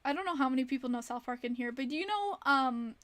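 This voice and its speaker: A woman's voice: high voice, animated, fast, fairly bright tone, no echo. A young woman casually telling rambling stories on a livestream, giggling often between her words. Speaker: streamer.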